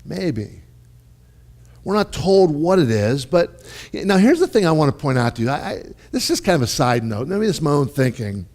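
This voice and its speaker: A man preaching a sermon in a lively, conversational way, often checking in with his listeners and restarting his phrases. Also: fairly high pitch, normal speed. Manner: animated, conversational, with repeated "right?" and restarts. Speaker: pastor.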